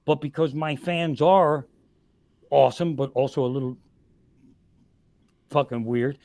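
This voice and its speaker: Male comic guest, slightly high voice, dry close mic, profane ranting delivery. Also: a little slow, darkish tone, no room sound. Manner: heavy swearing, ranting and exasperated. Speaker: stand-up comedian guest. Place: podcast studio.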